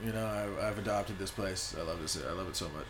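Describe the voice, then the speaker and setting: A man's voice: sits low, fairly quick. Young comedian guy from ontario, chill, swears a lot, faint hiss behind him. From Ontario, Canada. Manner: laid-back, swears freely, laughs often. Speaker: stand-up comedian, podcast guest. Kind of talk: casual chat. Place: apartment in Montreal.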